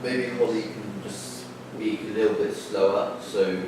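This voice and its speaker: A hesitant teenage student, a young man, offers halting feedback in a fairly low voice. He sits far from the mic in a very echoey classroom, and clear background noise runs under him. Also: fairly even intonation. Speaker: drama student.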